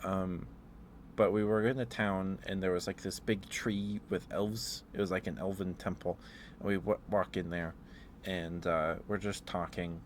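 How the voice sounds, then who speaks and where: Deep-voiced man rambling softly for ASMR. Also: level tone, a little slow, a little hiss or hum. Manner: meandering, chuckling storyteller with fillers. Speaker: ASMR streamer. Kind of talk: soft-spoken ASMR rambling.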